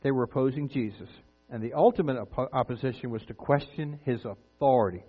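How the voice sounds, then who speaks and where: A man's voice: medium pitch, fairly even intonation, fairly quick. Man preaching over a tinny line. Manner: earnest, conversational preaching with rhetorical questions. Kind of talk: sermon. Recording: tinny phone-like sound with mains hum.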